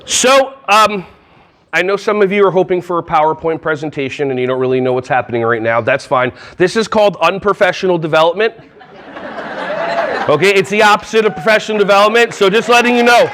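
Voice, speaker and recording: A man giving a lively, jokey talk at a conference hall on a wireless mic, often acting out little voices. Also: sits high, fairly quick, a faint crowd. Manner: playful, jokey, acts out voices. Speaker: conference speaker. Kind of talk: energetic live workshop talk.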